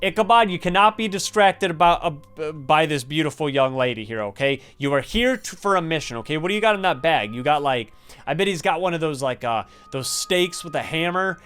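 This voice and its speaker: A young man doing chatty, excitable gameplay commentary and reading the story aloud, dropping to a hush when things get creepy. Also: on the high side, fairly quick, smooth. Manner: excitable, chatty, drops to hushed tones when spooked. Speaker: gaming YouTuber.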